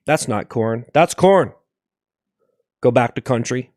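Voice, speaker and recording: A man's voice: mid-range voice, unhurried, a little mellow, dry recording, clean studio sound. A man streaming live, reading out viewer gifts and improvising goofy joke songs. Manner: silly, improvising goofy song lyrics. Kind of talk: improvised joke singing on a livestream.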